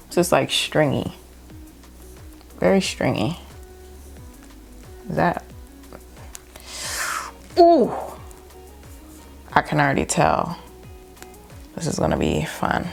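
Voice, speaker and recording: Young woman vlogger at home, jittery and exclaiming, unhurried delivery, faint music behind. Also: low voice, wildly swooping pitch, vocal fry. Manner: nervous, exclaiming, says y'all. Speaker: beauty vlogger. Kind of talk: casual vlog narration.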